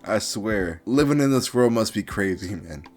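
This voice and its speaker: A man's voice: on the low side, normal speed, soft background music. Fired-up, swearing manga reviewer guy. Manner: animated, swearing, flares into loud outbursts. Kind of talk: casual video review.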